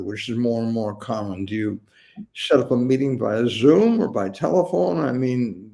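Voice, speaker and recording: An older man hosting a talk-show interview, asking questions in a measured, thoughtful way with a few stumbles. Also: mid-range voice, vocal fry, warm tone. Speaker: host, attorney.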